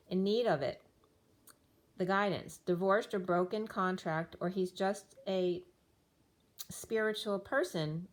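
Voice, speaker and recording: A woman giving a tarot reading, listing card meanings in loose fragments while losing her voice. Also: on the low side. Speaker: tarot reader.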